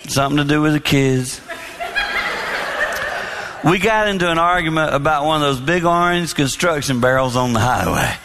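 A man preaching a sermon on marriage, telling personal stories in a lively, confessional way. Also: fairly high pitch, normal speed, long pauses, background noise. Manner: animated storytelling, confessional. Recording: long reverb in a large hall.

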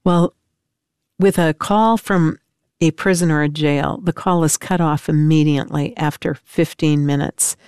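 A woman's voice: sits low, fairly even intonation, a little slow, darkish tone, clean tone, dry recording, studio quality. An older woman giving an emotional personal testimony as an interviewed mother, telling her story in an intense, tearful way.

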